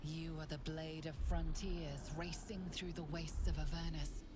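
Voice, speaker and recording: A woman narrating a video game in a hushed, half-whispered storytelling voice. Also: deep voice, fairly even intonation, measured pace, over loud music. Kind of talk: scripted narration.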